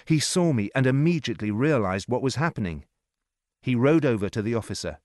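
A man narrating a story in a slow, clear reading voice. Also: medium pitch, expressive, darkish tone, no room sound, clean studio sound. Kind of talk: scripted narration.

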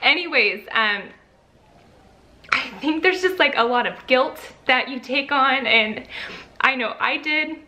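A woman's voice: sits high, a little slow, long pauses, sharp tone. A young woman and first-time mom chatting casually to her vlog audience, full of fillers, at times emotional. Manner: chatty, lots of fillers, gets emotional and teary. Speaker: vlogger.

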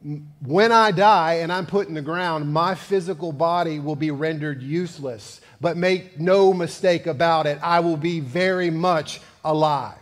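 A man's voice: a little high, unhurried, long reverb tail. A male pastor giving a sermon, conversational and building to fervent emphasis. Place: church sanctuary.

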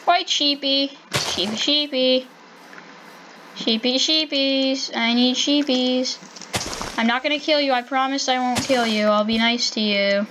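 Excitable woman calling out in sing-song. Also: sits high, measured pace, a little hiss or hum, low-quality recording. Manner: chatty and excitable, calling out to animals in sing-song baby talk. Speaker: gaming channel host. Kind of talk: playful gameplay commentary.

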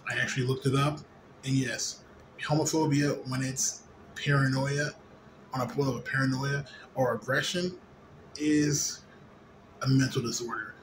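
A man's voice: mid-range voice, fairly even intonation, moderate pace, long pauses. Tipsy man ranting late at night. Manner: rambling, profane, with frequent fillers. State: a little drunk. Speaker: vlogger. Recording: noisy ambience behind voice.

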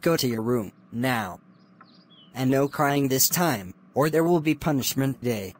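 A man's voice: medium pitch, lively intonation, unhurried. A man voicing Blue Dinosaur, a strict father dinosaur who scolds and lays down rules. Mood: stern. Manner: stern, scolding.

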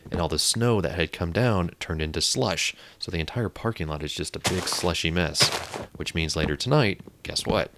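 A man's voice: rumbling low, background noise. A young man from Indiana, chatting and rambling as he plays a video game, easily startled. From Indiana, USA. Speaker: gaming YouTuber. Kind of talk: casual gameplay commentary.

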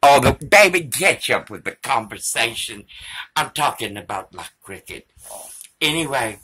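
A man's voice: medium pitch, lively intonation, a little slow, sharp tone, slightly rough. A man vlogging to a phone camera in a rambling, profane monologue that drifts between topics.

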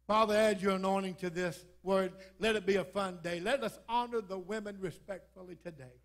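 A man's voice: high-pitched, steady tone, fairly quick. A man preaching a Sunday sermon, telling folksy stories in a preacher's cadence. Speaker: pastor. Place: church sanctuary.

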